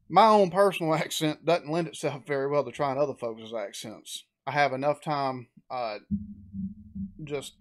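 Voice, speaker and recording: A man speaks off the cuff, and his sentences stop and start as he works his thoughts out. His voice sits a little higher than most men's, and it is loose and conversational. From Southern United States. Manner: rambling, with frequent restarts and fillers. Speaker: reaction video host. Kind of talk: casual reaction commentary.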